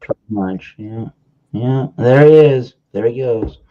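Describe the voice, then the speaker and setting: A man's voice: medium pitch, measured pace, highs cut off. Joking man with a Massachusetts accent. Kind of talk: casual chat.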